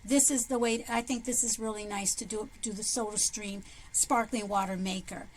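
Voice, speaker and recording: A woman presenting shopping deals in a chatty, excitable vlog, her voice jumping up when she hypes a sale. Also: normal speed. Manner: chatty and excitable, jumps in pitch to hype sales. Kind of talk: enthusiastic product showcase vlog. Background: background music.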